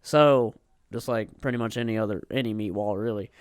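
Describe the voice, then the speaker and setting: A young man co-hosting a podcast in casual chat, relaxed and unhurried, with many ums. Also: on the low side, clean tone, no echo, clean studio sound. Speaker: podcast co-host.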